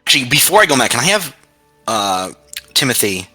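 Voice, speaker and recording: A man playing a tabletop game, telling stories in an animated, joking way. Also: medium pitch, fairly quick, husky, no room sound, soft background music. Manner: animated storytelling, jokey. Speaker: player. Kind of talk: casual tabletop chat.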